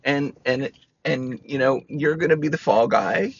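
A man in his forties, an educator, reflecting in a halting personal talk with many restarts. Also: creaky, husky, lo-fi sound. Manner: halting, restarts, animated swings in pitch.

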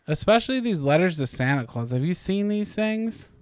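A man's voice: high voice, animated, moderate pace, no echo. A man in his thirties co-hosting a podcast, chatting casually with lots of fillers and the odd swear word. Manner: rambling, with frequent likes and casual swearing. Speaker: podcast co-host. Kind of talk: casual chat.

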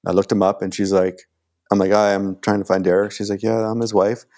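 A middle-aged man on a podcast spins a long personal tale in a relaxed, rambling style, fairly low-voiced and fairly quick. False starts and "like" are everywhere, and he performs other people's lines in a raised, lively voice.

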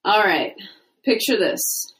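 A woman's voice: medium pitch, animated, slow pace, a bit bright, low-quality recording. Dry, teasing woman podcast co-host. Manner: dry, teasing, laughs easily. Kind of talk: casual comedic chat.

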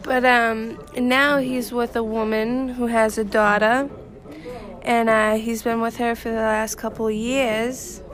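A woman's voice: fairly high pitch, flat delivery, measured pace, fairly bright tone. A woman guest candidly telling a personal story in casual chat.

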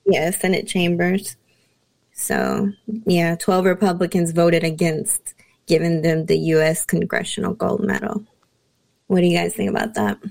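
A woman co-hosting a casual talk show, bringing up news topics with frequent pauses. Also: on the low side, gravelly, a little mellow, dry recording, rough recording. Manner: introduces topics, many ums. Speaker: podcast co-host. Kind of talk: casual chat.

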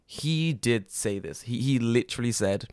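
A man's voice: medium pitch, expressive, moderate pace, darkish tone, no room sound, clean studio sound. A man co-hosting a casual podcast, jokey and sweary, speaking into a podcast microphone. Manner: jokey, swears, slips into mocking impressions. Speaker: podcast co-host.

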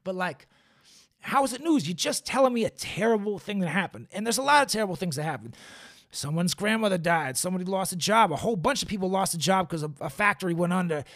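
A man hosting a casual solo podcast, ranting loosely with lots of swearing, fillers and restarts, seated indoors in a squeaky chair. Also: expressive, quick pace, a bit bright. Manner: loose, profane, rambling with frequent fillers. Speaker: podcast host. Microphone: camera and studio mic.

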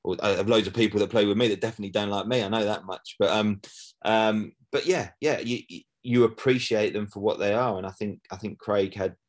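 A middle-aged former footballer chats casually as an interview guest, often asking "do you know what I mean". He speaks briskly in a fairly low voice.

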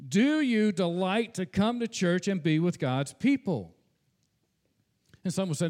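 A man's voice: high voice, expressive, a little slow, a little mellow. A pastor preaching a sermon in an earnest tone, slipping into casual asides and repeating words when he speaks off the cuff.

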